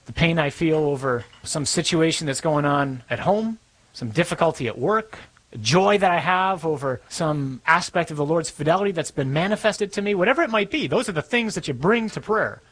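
A man's voice: on the high side, lively intonation, moderate pace, a bit bright, rough recording. A man preaching a sermon as a priest, conversational and emphatic, repeating words for stress.

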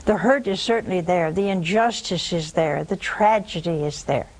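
A woman's voice: on the low side, moderate pace, a little mellow, poor audio. A woman hosting a religious call-in show, preaching with emphasis, repeating her points and adding scornful asides. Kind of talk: religious preaching and answering callers.

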